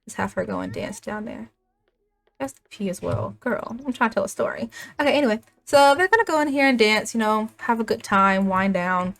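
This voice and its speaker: A young adult woman chatting casually as she narrates a life-sim game story, animated and quick to laugh. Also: medium pitch. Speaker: gaming YouTuber.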